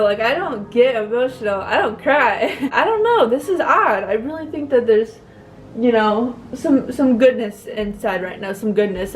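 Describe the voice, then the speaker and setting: A young woman speaking to her viewers in a personal vlog, emotional and close to tears, halting with many fillers and restarts. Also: a little high, darkish tone. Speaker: vlogger.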